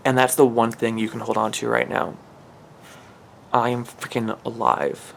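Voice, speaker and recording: A man's voice: mid-range voice, little pitch movement, normal speed, vocal fry, a bit bright, a little hiss or hum. A man giving a channeled spiritual reading in an emotional, earnest way, rambling and restarting his sentences. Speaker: spiritual reader.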